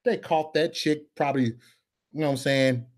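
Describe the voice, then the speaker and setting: A man's voice: a little high, steady tone, normal speed. Emphatic Chicago man preaching in street slang. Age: 40s. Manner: repetitive, emphatic, conversational.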